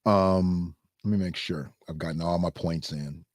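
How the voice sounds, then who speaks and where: A man hosting a casual solo commentary show, talking loosely and jumping into high mocking voices when he quotes others. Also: fairly even intonation, measured pace, no room sound, clean studio sound.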